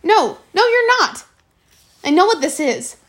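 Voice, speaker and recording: A woman's voice: high voice, brisk, natural voice. A woman reading aloud and voicing a defiant, cocky teenage orphan boy who talks in a bold, defensive way.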